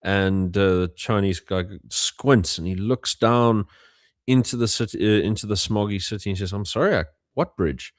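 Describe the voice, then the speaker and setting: A man's voice: fairly low pitch, fairly even intonation, normal speed, dry recording, studio quality. A young man from South Africa, hosting a casual livestream and telling stories with many fillers and restarts. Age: young adult. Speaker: host.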